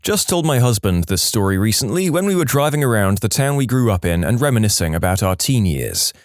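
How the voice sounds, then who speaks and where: A man reading reddit stories aloud in a lively storytelling manner. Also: fairly low pitch, a little fast, no room sound, clean studio sound. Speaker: narrator.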